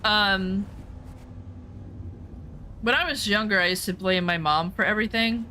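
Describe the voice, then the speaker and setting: A woman's voice: mid-range voice, measured pace, sharp tone, slight background noise. A woman streamer talking candidly in casual chat while playing a game, rambling with lots of fillers.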